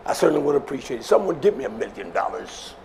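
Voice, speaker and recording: A male preacher delivering an emphatic sermon, swinging between shouts and low murmurs and repeating phrases for emphasis. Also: sing-song, quick pace, creaky, a crowd in the background.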